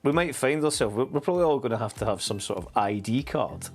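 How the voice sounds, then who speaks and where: A man's voice: mid-range voice, expressive, quick pace, soft background music. A man hosting a podcast, rambling and sardonic, full of fillers and restarts. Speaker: podcast host. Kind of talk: casual commentary.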